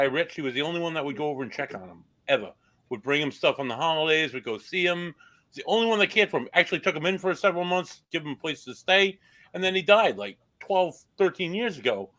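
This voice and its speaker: Man, paranormal investigator, earnest storyteller, bright tone, slightly high. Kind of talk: casual chat.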